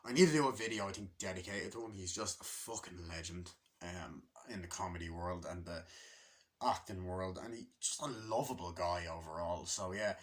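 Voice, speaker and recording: A man's voice: low voice, moderate pace. A man giving a casual, rambling film review, enthusiastic and full of swearing and restarts. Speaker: movie reviewer.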